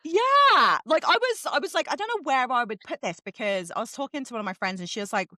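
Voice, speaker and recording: A woman co-hosting a casual book chat, swearing freely and telling animated stories. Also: sits high, quick pace, no echo, studio quality. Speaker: podcast co-host.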